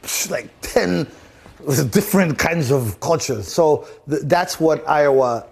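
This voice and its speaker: A man from Zimbabwe answering interview questions in a relaxed, halting way, often repeating words and restarting. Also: fairly high pitch, vocal fry, husky. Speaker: interview guest. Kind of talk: casual interview talk.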